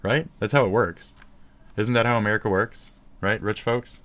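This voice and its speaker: A man with a deep, low voice rants into his phone mic. He rambles and swears nonstop, piling sarcasm into loose, profane commentary. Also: normal speed, fairly bright tone. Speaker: streamer commenting on another streamer. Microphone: phone recording.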